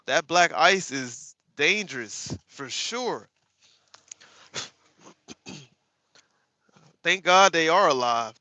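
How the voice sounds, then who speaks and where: A man hosting a casual livestream, chatting with viewers by name, sarcastic and animated, calling his audience y'all. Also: fairly high pitch, dry recording. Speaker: livestream host. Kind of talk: casual live chat reading viewer comments.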